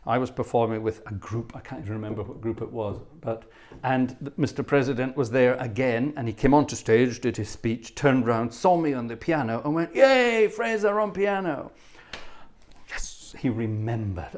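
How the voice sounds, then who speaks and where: With a mid-range, darkish voice, the organist and livestream host tells anecdotes in a chatty, self-deprecating manner, filling the casual gaps between pieces of music.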